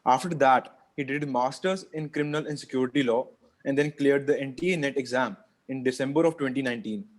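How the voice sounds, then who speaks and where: A man's voice: medium pitch, brisk, poor audio. A man from India giving a formal, respectful introduction of a guest.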